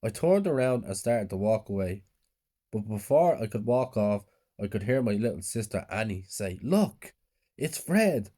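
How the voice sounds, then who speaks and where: A man's voice: on the low side, moderate pace, warm tone. A man narrating a horror story in a subdued, plain storytelling way.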